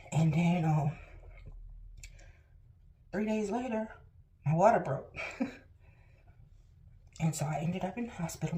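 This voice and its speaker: A woman's voice: lowish voice, warm tone. A woman vlogger telling a personal story to her viewers in a chatty, emphatic way. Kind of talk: casual storytelling to camera.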